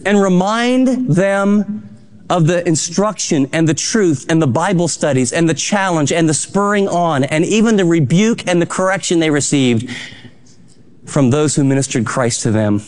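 Pastor, male, high voice, fervent sermon delivery, exhorting. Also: animated, normal speed. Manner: fervent, exhorting, swings between soft and loud.

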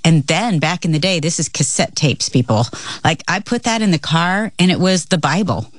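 A woman's voice: on the low side, expressive, normal speed, no room sound, clean studio sound. A middle-aged woman co-hosting a faith talk show, chatty and laughing often as she shares her own story. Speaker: co-host.

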